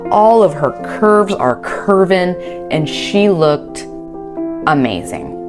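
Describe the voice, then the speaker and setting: Music plays in the background as a woman slowly recaps a reality show in a medium-pitched voice. Recording on a home mic, she's casual, chatty and wry, putting on bouncy voices to quote people.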